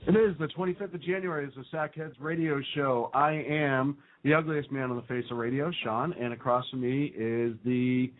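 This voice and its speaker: A man's voice: mid-range voice, fairly even intonation, moderate pace, few pauses, faint music behind. A man with a Boston accent hosting a radio talk show, rambling and self-deprecating. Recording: phone-like narrow band.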